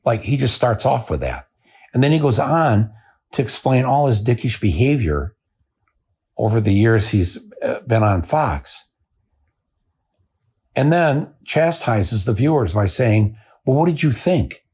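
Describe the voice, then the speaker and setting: An older American man hosting a podcast, delivering a deadpan satirical monologue and chuckling at his own jokes. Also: mid-range voice, unhurried, long pauses, breathy edge. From United States. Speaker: podcast host.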